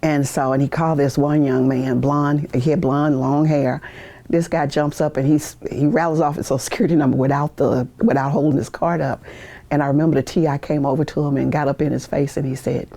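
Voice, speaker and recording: A woman's voice: low voice, steady tone, brisk, mellow. An older woman in her sixties, a veteran, telling stories from her past in a recorded interview. She laughs often and acts out the people she quotes. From United States. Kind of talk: oral history interview. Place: university media studio.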